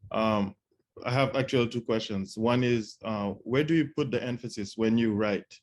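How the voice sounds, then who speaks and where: A man's voice: lowish voice, moderate pace, a little hiss or hum. A man in the audience asking a question on a video call, hesitant, with many fillers and repeated words.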